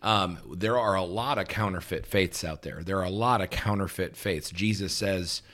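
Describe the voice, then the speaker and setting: A man co-hosting a relaxed talk show, explaining points patiently and checking in with "right?" between them. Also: deep voice, normal speed. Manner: relaxed, with frequent "um" and restarts, laughs easily. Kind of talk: casual teaching conversation.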